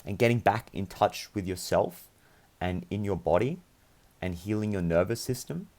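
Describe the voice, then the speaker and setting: A man's voice: on the low side, moderate pace, a little mellow. A young man giving an earnest, meandering spiritual tarot reading, speaking encouragingly to his viewers. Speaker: tarot reader.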